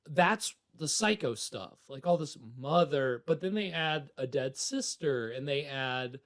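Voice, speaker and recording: A man hosting a livestream, chatting casually and playfully about an old horror movie. He talks slowly with a high voice that jumps all over the place. He laughs often and rambles. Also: animated, a bit bright. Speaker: livestream host.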